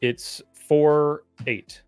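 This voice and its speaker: A man's voice: on the high side, steady tone, extremely slow, darkish tone, smooth, no room sound, soft background music. A man explaining his card game plays on a video call, teasing the others with dry, playful remarks. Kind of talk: casual game-play chat.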